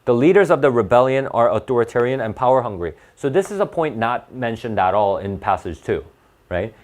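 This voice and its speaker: This SAT tutor's voice is medium in pitch, animated, fairly quick, and darkish as he goes through reading test questions aloud. He thinks aloud in a casual way, correcting himself and punctuating with "right?"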